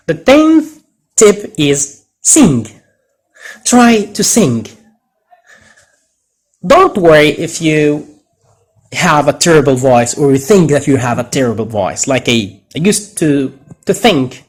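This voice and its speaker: A man teaching English pronunciation in a deliberate way, with Arabic as his first language, exaggerating stressed words as he models them. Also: on the high side, very animated. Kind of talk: pronunciation lesson.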